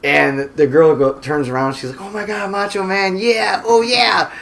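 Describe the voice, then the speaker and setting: A man's voice: high-pitched, moderate pace, vocal fry, fairly bright tone, a little hiss or hum. A man co-hosting a podcast, joking and teasing in casual chat. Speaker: podcast co-host.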